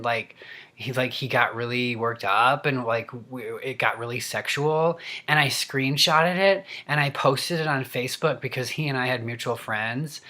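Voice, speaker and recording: A man voicing a young woman model who talks in a breathy, babyish valley-girl way and gushes as she chatters. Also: mid-range voice, pushed and bright, natural voice.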